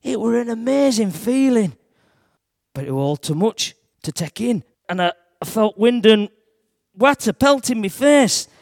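A man telling a Bible story in the first person to a church audience, in broad dialect and shouting at the dramatic moments. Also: high-pitched, expressive, measured pace, gravelly, no echo, studio quality.

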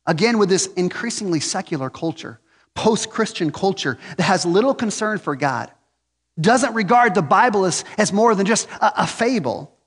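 A man's voice: high-pitched, expressive, moderate pace, husky, in a large hall. A man in his forties preaching a conversational sermon, earnest with jokes and frequent restarts.

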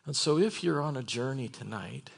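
A man preaching a sermon in a church, animated, with laughing asides and acted-out quotes. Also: medium pitch, moderate pace, vocal fry, husky.

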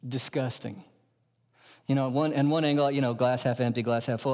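Impassioned pastor preaching in a hall. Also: male voice, medium pitch, fairly even intonation, normal speed. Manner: impassioned, swings from hushed to rising emphatic. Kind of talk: sermon. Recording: dull sound in a large reverberant hall.

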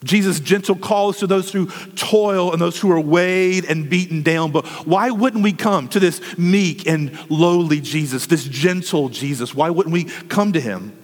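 A man's voice: on the high side, measured pace, hardly any pauses, big-room sound. A male preacher giving an earnest, pleading sermon full of repeated questions.

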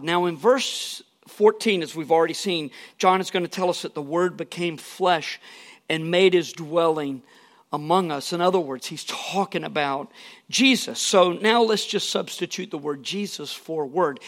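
Gravelly-voiced man preaching a sermon. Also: a little high, animated, moderate pace, a bit bright. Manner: earnest, emphatic preaching with asides. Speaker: pastor.

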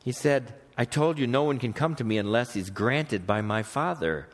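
A man's voice: medium pitch, expressive, moderate pace. A middle-aged male pastor preaching a sermon in church in a conversational way, quoting scripture and putting questions to the congregation. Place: church sanctuary.

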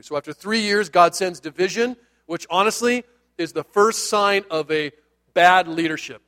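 A man's voice: high-pitched, moderate pace, pushed and bright. A man, a pastor, giving a sermon in a conversational, jokey way with asides to the listeners.

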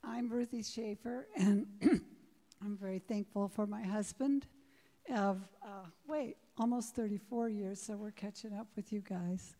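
A woman's voice: medium pitch, a little slow, warm tone. A middle-aged woman giving a heartfelt testimony of thanks in church, quoting scripture. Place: church sanctuary. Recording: long church hall reverb.

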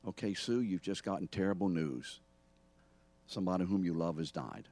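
This is a pastor with a low, darkish voice at a normal pace, preaching a sermon. He teaches by quizzing people in the congregation, calling on each by name.

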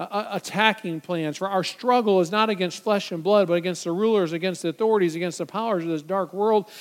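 A man preaching from the pulpit with a notably high voice. He builds his points with repeated phrases and rhetorical questions, speaking emphatically to the congregation. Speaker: pastor. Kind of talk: sermon.

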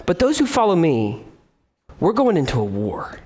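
A man preaching a sermon as pastor, animated and acting out the voices of complaining people. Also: on the high side, moderate pace.

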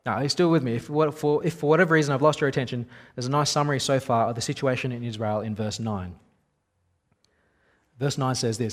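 A man's voice: mid-range voice, fairly even intonation, fast talker. Conversational male preacher. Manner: conversational, wry, storytelling. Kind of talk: sermon.

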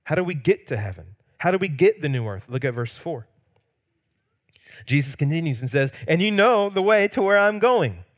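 A pastor preaching a sermon, swinging between loud emphatic peaks and hushed quiet lines, sometimes acting out quoted lines playfully. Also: male voice, on the high side, big pitch swings, normal speed.

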